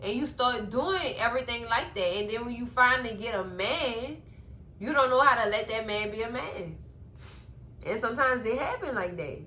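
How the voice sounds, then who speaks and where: A high-pitched woman with a bright, ringing voice chats expressively to her viewers as she recaps a TV episode. The sound carries an echo from the room around her. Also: normal speed, slight background noise. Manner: chatty and expressive, talks straight to viewers. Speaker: TV recap vlogger. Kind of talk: casual recap chat.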